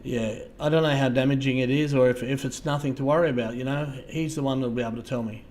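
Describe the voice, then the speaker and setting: An Australian man hosting a casual livestream, talking to viewers in a halting way, repeating words and trailing off softly. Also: mid-range voice, fairly even intonation, slight background noise. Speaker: livestream host.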